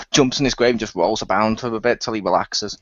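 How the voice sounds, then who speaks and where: A man's voice: lowish voice, brisk, pushed and bright, dry recording. A man co-hosting a wrestling chat, giving blunt and opinionated takes. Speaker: podcast co-host. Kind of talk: casual opinionated commentary. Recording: dull dry lo-fi audio.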